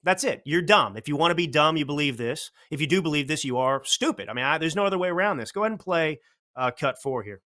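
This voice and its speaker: A man's voice: on the high side, lively intonation, fast talker, bright, forceful tone. A man hosting a political commentary show, talking bluntly and combatively with lots of rhetorical questions. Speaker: show host.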